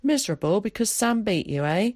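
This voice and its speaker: Woman doing a gruff old countryman, blunt. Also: mid-range voice, very animated, brisk, darkish tone, dry recording, studio quality, voice pushed up. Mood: coaxing. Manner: rustic dialect speech, clipped and plainspoken. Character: gruff older countryman, blunt but kindly. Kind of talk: audiobook character voice.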